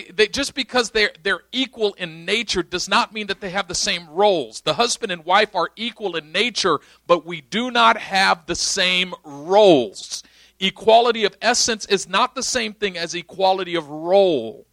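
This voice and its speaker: A young pastor preaches a teaching sermon, explaining emphatically and often checking that his listeners are following. His voice is high-pitched with a fairly bright tone, and there's no room sound.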